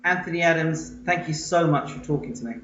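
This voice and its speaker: A man's voice: a little high, brisk, a bit bright, roomy sound, muffled recording. A man hosting an interview, mostly giving short agreeing replies. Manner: brief backchannel replies.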